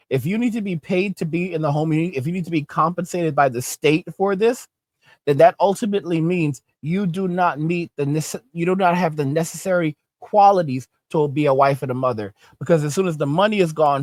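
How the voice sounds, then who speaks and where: A man with a fairly high speaking voice rants in an opinion commentary, hammering his points home through repetition and tag questions. His voice sounds close and dry, with almost no room around it. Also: a little mellow, no room sound. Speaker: channel host.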